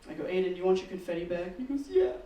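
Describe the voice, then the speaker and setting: Stand-up comic, male, high-pitched and deadpan, recorded in an echoey room from a distance. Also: quick pace, slight background noise. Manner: deadpan storytelling, swearing, acting out kids in squeals. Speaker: stand-up comedian. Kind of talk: stand-up comedy set. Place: comedy open mic room.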